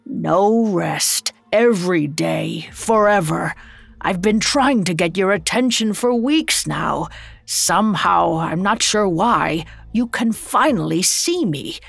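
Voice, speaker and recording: A grave old ghost weighed down by chains, voiced by a woman in a storybook reading. He delivers solemn warnings slowly, in a low voice. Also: lively intonation, creaky, breathy edge, no room sound, full character voice. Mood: grim.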